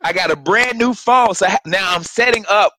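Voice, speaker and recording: A man who works as a stand-up comedian, telling a story in casual chat with lively acted-out quotes and frequent swearing, on a home video call. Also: high voice, a little fast, a crowd in the background, rough recording. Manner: animated storyteller, swears freely, acts out quotes.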